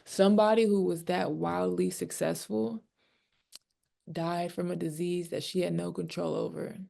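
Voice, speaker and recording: A woman's voice: fairly low pitch, level tone, unhurried, gravelly, dark tone. A woman, a pro basketball player, answering press questions candidly and emotionally, with lots of fillers. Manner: candid, rambling with many fillers. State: emotional, near tears.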